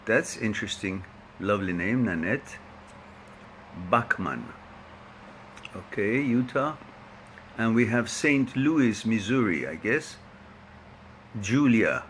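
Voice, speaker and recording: A man's voice: mid-range voice, bright, forceful tone, a little hiss or hum. A man hosting a live online talk, chatting and laughing as he greets viewers by name before starting his topic. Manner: chatty, laughs often, rambling.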